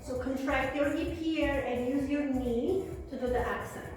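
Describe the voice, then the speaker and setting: A woman's voice: high-pitched, a little slow, hardly any pauses. A woman teaching a beginner belly dance class, explaining moves and counting steps aloud as she demonstrates. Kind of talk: online dance lesson, counting beats. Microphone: phone camera at a distance. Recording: very echoey room, voice from far off, faint music.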